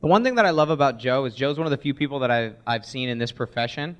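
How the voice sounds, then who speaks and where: A man presenting a live sales workshop, energetic, acting out sample voicemails as he teaches. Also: mid-range voice, fast, highs cut off.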